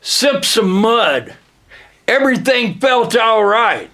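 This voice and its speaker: A young man delivering an absurd, deadpan, boastful comedic monologue in the manner of a rap persona. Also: very high voice. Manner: deadpan boastful non sequiturs, slow drawl.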